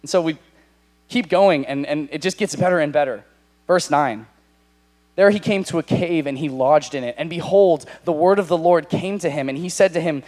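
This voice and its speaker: A young man with an American accent preaching a sermon to young adults, animated, acting out the characters in paraphrase. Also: a little high, normal speed. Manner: animated, voices God and Elijah in paraphrase.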